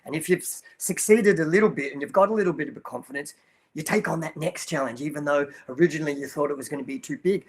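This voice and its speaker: An older man with a somewhat high voice talks about coaching children in a casual, earnest interview. He tells stories with many restarts and little asides. His tone stays heartfelt and conversational. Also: fast talker. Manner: storytelling, earnest, many restarts and you-knows. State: choked up while telling a story. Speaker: guest, children's movement program coach.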